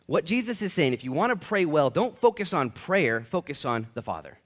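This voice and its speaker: A man's voice: a little high, big pitch swings, brisk, a bit bright. A man preaching a sermon, casual and conversational, acting out little asides as he teaches. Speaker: pastor. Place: church.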